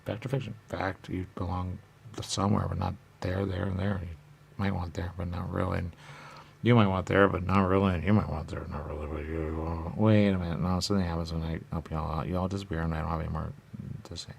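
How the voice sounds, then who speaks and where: Sitting low and gravelly, the man's voice is flat in delivery and brisk in pace, with a little hiss or hum present. He plays a radio host giving a rambling, silly comic monologue, answering his own questions in repetitive loops.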